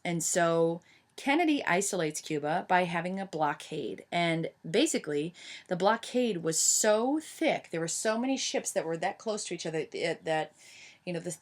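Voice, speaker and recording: A woman giving an informal history lecture, chatty, with many fillers and restarts. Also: lowish voice. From United States.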